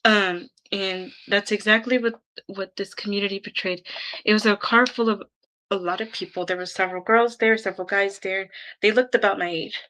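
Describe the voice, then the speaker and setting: Young woman vlogger with a bright, clear voice, chatty and rambling, casual storytelling to camera. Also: medium pitch, steady tone, normal speed, poor audio. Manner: chatty, rambling, heavy use of "like" and "um". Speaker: YouTuber.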